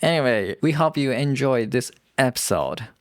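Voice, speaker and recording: A man co-hosting a podcast in English, giving short replies with halting phrasing. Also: mid-range voice, animated, dry recording, clean studio sound. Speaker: podcast co-host. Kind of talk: casual chat.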